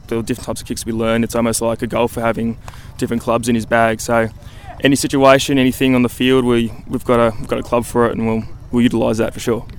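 On a phone-in radio interview, a young Australian man who punts for a college football team talks in an easygoing way, full of fillers and restarts. His mid-range voice is flat, and there's a little hiss or hum on the line.

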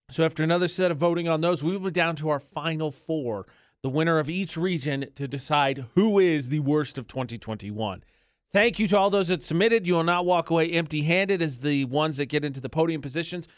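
A man co-hosting morning radio, playful and quick to argue a point. His voice sits a bit high, and the studio mic keeps it close and dry. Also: no room sound. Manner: playful, argumentative, quick shifts in emphasis. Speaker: radio co-host. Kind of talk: casual morning radio chat.

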